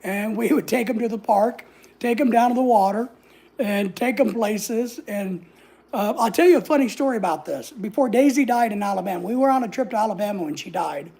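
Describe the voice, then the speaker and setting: A vlogger tells a story in a casual vlog, sassy and blunt, swearing freely and acting out other people's lines. Her medium-pitched voice is warm and slightly rough with vocal fry, and she speaks briskly.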